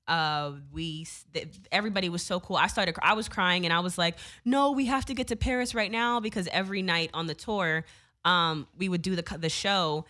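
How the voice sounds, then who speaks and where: Young woman, lower voice, loose and animated anecdote delivery with frequent filler words and swearing. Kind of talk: casual storytelling.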